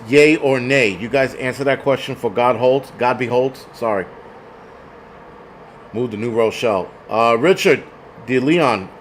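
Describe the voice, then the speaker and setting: A man on a casual livestream, talking straight at his chat in a blunt, foul-mouthed way. His voice sits at an ordinary middle pitch, and a faint air conditioning hum runs underneath. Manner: blunt, profane ranting. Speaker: livestream host reading chat.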